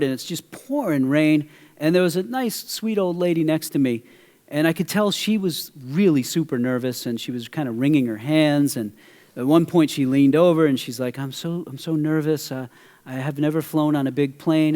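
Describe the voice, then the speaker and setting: A middle-aged male pastor preaching a sermon, animated as he tells a story and questions the audience. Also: on the high side. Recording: long hall reverb.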